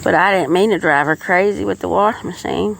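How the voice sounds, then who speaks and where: A woman's voice: lowish voice, fairly quick, creaky, fairly bright tone, slight background noise, low-quality recording. A middle-aged woman telling folksy, rambling stories as a podcast host. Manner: rambling, folksy, with frequent restarts. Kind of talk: casual storytelling monologue.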